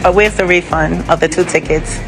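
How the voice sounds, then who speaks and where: A woman's voice: fairly low pitch, fairly even intonation, a little fast, loud music behind the voice. A woman passenger filming herself on her phone, upset and teary, talking in a frustrated, confrontational, rambling way. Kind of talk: casual phone vlog.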